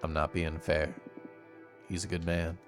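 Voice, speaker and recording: Guy putting on a low quiet brooding game hero voice, beating himself up, soft and dropped. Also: little pitch movement, unhurried, soft background music. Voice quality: hushed, self-reproaching. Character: brooding, regretful game protagonist, hushed and low. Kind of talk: voicing game dialogue aloud.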